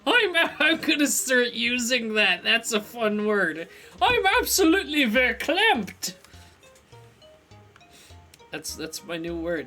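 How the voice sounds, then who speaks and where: A man chats his way through a video game on a live stream, playful and joking as he reads the on-screen text aloud. His voice is bright and his pitch jumps around a lot, with faint music playing underneath.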